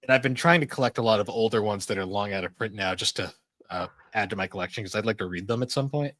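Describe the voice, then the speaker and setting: A man's voice: lowish voice, quick pace, fairly bright tone, no echo. A young adult man co-hosting a podcast in casual chat, rambling and swearing freely. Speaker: podcast co-host.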